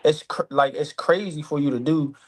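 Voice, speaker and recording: A man, a professional boxer, answering an interview in an earnest, measured, slightly aggrieved way. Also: a little high.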